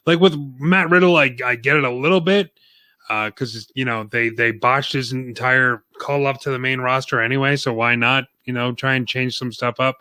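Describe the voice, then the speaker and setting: A man's voice: mid-range voice, steady tone, normal speed, sharp tone, dry recording. A man co-hosting a casual wrestling podcast, voicing blunt, dismissive opinions. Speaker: podcast co-host.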